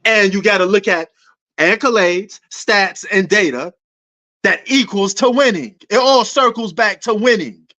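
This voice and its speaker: Loud passionate New man. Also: high voice, measured pace. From New York. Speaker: sports talk show host. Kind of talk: livestream sports debate answering chat. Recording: dull lo-fi stream audio.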